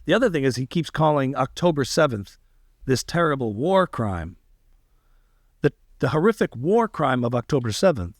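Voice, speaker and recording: A man's voice: medium pitch, moderate pace, no echo, studio quality. A man, a comedian guest on a podcast interview, talking animatedly and emphatically. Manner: animated, slips into impressions, emphatic.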